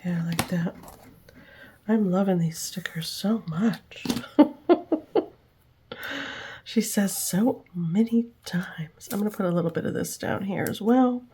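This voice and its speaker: A woman host of a journaling channel, whispering softly to herself as she crafts and talks about it. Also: mid-range voice, slow, pauses often, a little hiss or hum. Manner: whispers while working with her hands, talks to herself. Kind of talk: soft whispered crafting chatter.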